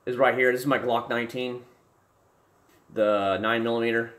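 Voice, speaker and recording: A young man hosts a casual livestream from a room at home. He rambles through viewer comments, stumbles and restarts his sentences, then jumps into loud, excited bursts. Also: medium pitch, moderate pace. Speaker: livestream host. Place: home room with desk and gear.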